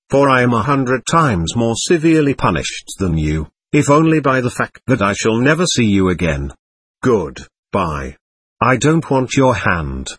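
A man's voice: mid-range voice, a bit bright, slightly rough, no room sound. A man voicing a proud, bitter young man saying a wounded farewell, cold and reproachful.

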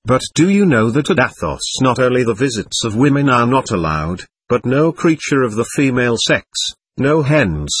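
A man's voice: medium pitch, big pitch swings, normal speed, few pauses, breathy edge. A man reading as a sarcastic old buffoon. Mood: mocking. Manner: sarcastic, teasing.

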